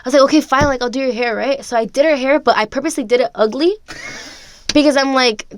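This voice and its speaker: A woman's voice: high voice, fast. A woman guest telling a childhood story in casual chat, chatty and full of "like", acting out family dialogue. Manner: chatty, heavy use of "like", acts out family dialogue. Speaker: podcast guest.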